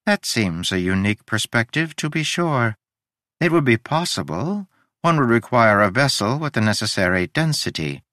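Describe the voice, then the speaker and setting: A man's voice: mid-range voice, big pitch swings, normal speed, sharp tone, no room sound, clean studio sound. A man voicing a polite, formal, literal-minded male ship AI in an audiobook, precise and courteous. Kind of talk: audiobook character reading.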